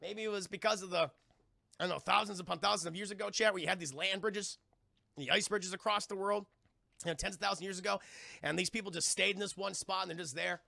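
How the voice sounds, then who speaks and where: High, gravelly, animated male streamer. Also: quick pace, no echo, studio quality. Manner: animated and profane, keeps addressing his chat; bursts into loud high laughter. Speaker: film reviewer streaming to chat. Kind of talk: casual livestream film recap.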